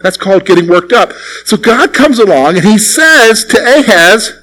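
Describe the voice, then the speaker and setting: A man's voice: high voice, sing-song, moderate pace, hardly any pauses, a bit bright, low-quality recording. Man preaching a chatty sermon. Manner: conversational, asks the congregation questions. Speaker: pastor. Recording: recorded sermon broadcast on radio.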